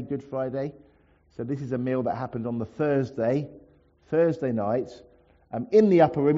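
A man's voice: medium pitch, mellow, slightly rough, lo-fi sound. A man preaching a sermon to his congregation, in a conversational way with asides and everyday examples. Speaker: pastor. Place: church.

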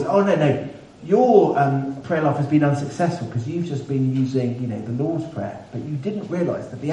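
Male preacher, chatty sermon delivery with wry humour, mellow tone, roomy echo from a distant mic. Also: medium pitch. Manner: conversational, self-deprecating humour. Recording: echoey room, mic at a distance, faint background hiss.

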